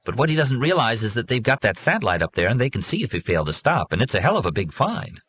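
A man's voice: mid-range voice, very animated, fairly bright tone, a little hiss or hum, pitched above the performer's own voice. A man doing a defensive young pilot. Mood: earnest. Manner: defensive, hurried. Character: young male copter pilot, defensive and earnest.

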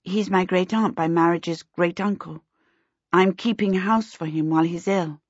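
A woman voicing an impatient, sharp-tongued teenage girl in a storybook reading, in a dull lo-fi recording. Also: lowish voice, normal speed, no room sound, natural voice. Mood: anxious, snappish. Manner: urgent and sharp.

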